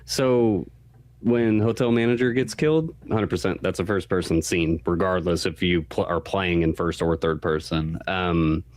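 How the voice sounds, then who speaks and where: A man with a low voice, co-hosting a casual game podcast. He rambles through his points with lots of fillers and swearing. His delivery is loose and unhurried. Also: a little mellow, dry recording. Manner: rambling, profane, filler-heavy. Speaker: podcast co-host.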